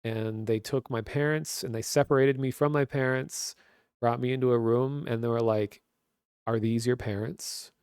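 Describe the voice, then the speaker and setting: Man, Minnesotan accent, 30s, casual streamer chat, rambling, lots of "like", middle pitch, dry room. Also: steady tone, moderate pace, a little mellow, clear, resonant tone, dry recording. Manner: rambling, many "like" fillers. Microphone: webcam stream mic.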